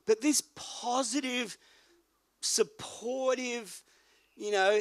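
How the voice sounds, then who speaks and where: An older man, a pastor, telling a personal story in a folksy sermon, moving between quiet and loud. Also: high-pitched, lively intonation, brisk.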